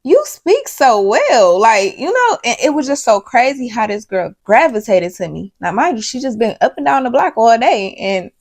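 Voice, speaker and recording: A young adult woman telling a casual storytime vlog story, animated and swearing freely. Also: a little high, normal speed, hardly any pauses. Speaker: vlogger.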